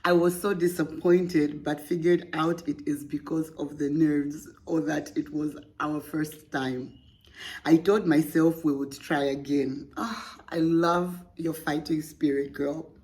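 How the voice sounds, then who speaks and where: A woman's voice: deep voice, fairly even intonation, takes it slowly, darkish tone. A young woman hosting a podcast, reading a listener's story aloud and breaking off with playful, laughing, teasing asides. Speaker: podcast host.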